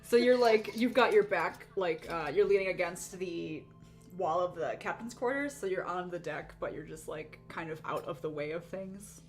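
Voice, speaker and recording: A woman's voice: on the low side, normal speed, soft background music. A woman game master narrating a tabletop game in a casual, filler-heavy way.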